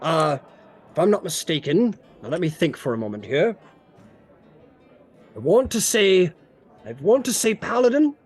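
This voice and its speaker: A man voicing a boisterous, hearty knight who shouts cheers and talks in a loud, jovial way. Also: sits high, sing-song, moderate pace, pauses often, breathy edge, soft background music, heavily acted. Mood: friendly probing.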